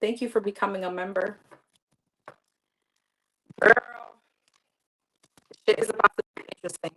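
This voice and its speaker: A woman's voice: medium pitch, fairly even intonation, moderate pace, a bit bright, rough recording. A woman giving live tarot readings in a candid, chatty way, talking straight to her viewers. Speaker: tarot reader.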